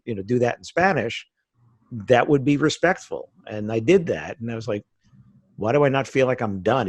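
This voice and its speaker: A man's voice: mid-range voice, dry recording. A middle-aged American man from the United States, a podcast guest chatting casually and telling stories with frequent laughs. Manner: chatty storyteller, laughs often.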